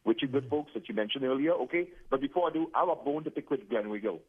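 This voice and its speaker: A man's voice: medium pitch, lively intonation, fast, husky. Rambling man calling in on a tinny phone line. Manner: rambling, emphatic, restarts often. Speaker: caller. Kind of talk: phoned-in talk radio call. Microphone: telephone.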